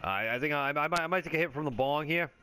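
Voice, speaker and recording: A man's voice: a little high, fast talker, pushed and bright, clean tone, soft background music. A man giving casual, rambling commentary over his gameplay, joking and swearing freely with lots of fillers. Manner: laid-back stoner chatter with frequent fillers. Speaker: gaming video creator.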